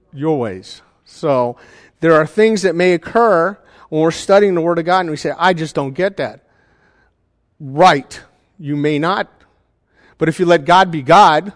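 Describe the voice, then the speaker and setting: A man with a somewhat high voice preaches a sermon in a church sanctuary. He talks conversationally and keeps asking the congregation whether they follow him. The sound rings with the long reverb of the hall. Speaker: pastor.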